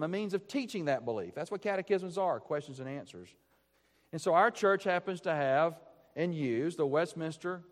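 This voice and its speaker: A man preaching a sermon as pastor, earnest and emphatic, repeating his key phrases. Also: high-pitched. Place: church sanctuary. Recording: long church reverb.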